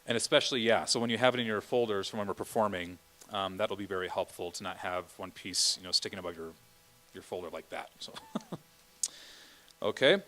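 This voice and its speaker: A choir director with a low, steady, fairly bright voice runs a church choir rehearsal at a brisk clip. He explains the music patiently and keeps checking in with the singers, often asking "okay?"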